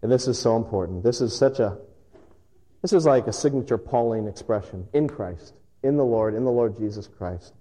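A male pastor preaching a sermon, telling stories with emphatic pauses. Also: mid-range voice, warm tone, poor audio. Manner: storytelling, emphatic with dramatic pauses.

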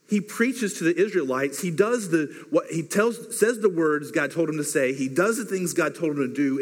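Upbeat chatty pastor man, higher voice. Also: big-room sound. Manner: chatty, animated, many fillers like "like". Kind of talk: casual sermon. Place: church sanctuary.

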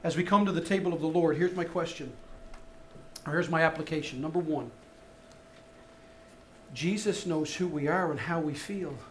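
Man, pastor, sermon, high voice, soft-to-loud emphasis. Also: moderate pace, pauses often, a little hiss or hum. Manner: swings from soft, hushed lines to loud, rising emphasis.

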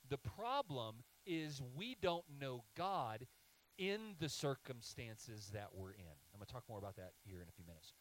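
A male preacher delivering a sermon to his congregation. His voice sits at an ordinary pitch, and he reads scripture before teaching point by point. He slows down to lean hard on the phrases he wants remembered. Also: fairly bright tone, low-quality recording. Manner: emphatic, slows down to stress key phrases. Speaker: pastor.

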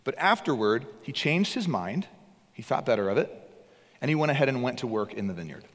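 A man preaching a sermon with earnest emphasis, his voice swinging between loud and hushed. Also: medium pitch, sing-song, a little fast, long reverb tail. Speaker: pastor.

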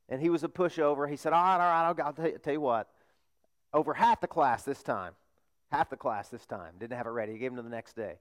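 A male pastor preaching a sermon, putting questions to the congregation and dropping to a hush for emphasis. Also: mid-range voice.

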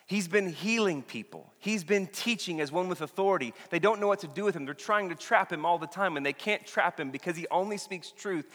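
Animated man preaching in a big hall. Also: a little high. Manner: animated, acts out the people in the story with voices. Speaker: pastor. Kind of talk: sermon. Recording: long reverb of a big hall.

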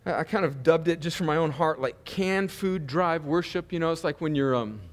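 Brief: man, pastor, chatty sermon with jokes, high voice, long hall echo. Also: moderate pace. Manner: conversational preaching with humor and asides.

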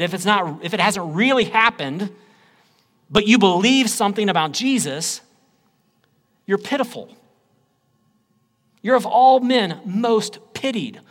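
A man preaching a sermon, swinging between loud declarations and low, quiet phrases. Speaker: pastor.

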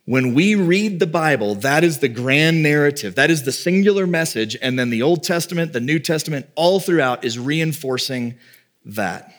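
A man preaching a sermon as pastor, talking plainly to his congregation and dropping quick, joking asides. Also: a little high, animated.

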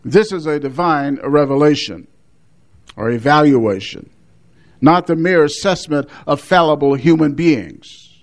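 A male pastor, preaching a measured sermon, with emphatic repetitions. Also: fairly high pitch, lively intonation.

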